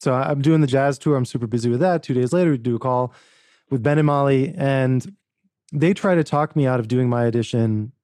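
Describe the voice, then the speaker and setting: A man, an author and book producer, telling a story as a podcast guest in an animated way, acting out quoted dialogue and restarting often. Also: mid-range voice, fairly quick, dry recording, studio quality. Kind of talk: casual interview storytelling.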